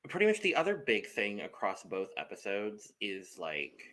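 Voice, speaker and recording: A man co-hosting a reality TV podcast, recapping in a measured way with hesitant fillers. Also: on the low side, huge pitch swings, pushed and bright. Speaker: podcast co-host. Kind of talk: casual chat.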